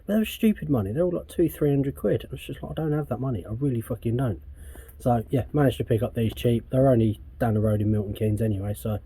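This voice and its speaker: A man's voice: medium pitch, quick pace, hardly any pauses, dark tone, a little hiss or hum. An English man vlogging casually while working on his van outdoors, rambling and swearing often in a laid-back way. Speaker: DIY van customizer vlogger.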